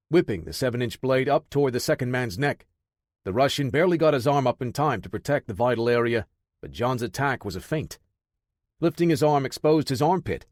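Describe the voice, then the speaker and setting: A man narrating a military action audiobook in a steady, measured reading. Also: mid-range voice, dry recording, clean studio sound. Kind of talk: scripted narration.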